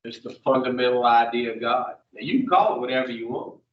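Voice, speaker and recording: A man's voice: mid-range voice, quick pace, slight background noise. A man leading an addiction recovery group, blunt and profane, firing questions at his listeners. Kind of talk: blunt group teaching session. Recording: dull echoey room, mic far off.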